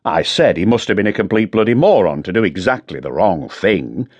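A man's voice: deep voice, lively intonation, normal speed, highs cut off. A man voicing a blunt, sardonic middle-aged police chief inspector, in an audiobook.

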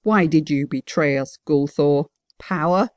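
A proud king who defends himself with measured reproach, voiced by a woman narrator. The voice is warm and mellow, in a dry close recording. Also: deep voice, dry recording. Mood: reproachful.

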